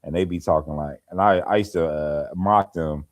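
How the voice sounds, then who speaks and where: This laid-back man has a deep voice and talks at normal speed on a live stream, casually chatting, telling stories, and laughing as he goes. His accent is African American Vernacular English, from the American Midwest or East Coast.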